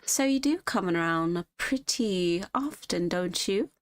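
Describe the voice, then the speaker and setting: A woman's voice: lowish voice, animated, slow pace, no echo, clean studio sound. A woman voicing a flirty hooved female flower shopkeeper with a slight put-on Southern twang who calls customers darling. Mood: flirtatious. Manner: sweet-talking, calls people darling.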